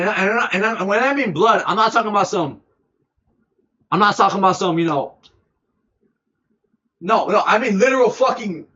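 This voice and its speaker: A young man streamer telling a story in a casual, animated way, full of swearing and repeated words. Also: high voice, husky, dull audio. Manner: animated, profane, repeats himself often.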